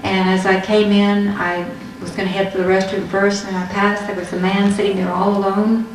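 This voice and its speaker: A woman's voice: mid-range voice, little pitch movement, normal speed, distant mic, a little hiss or hum. A woman giving a religious testimony talk, telling her story and acting out the dialogue. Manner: storytelling, acts out quoted dialogue. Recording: echoey hall, heard from afar.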